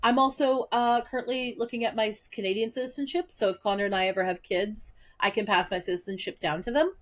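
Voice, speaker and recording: Lively young woman telling stories. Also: medium pitch, quick pace. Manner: lively, acts out quoted dialogue. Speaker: podcast co-host. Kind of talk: casual chat, animated storytelling.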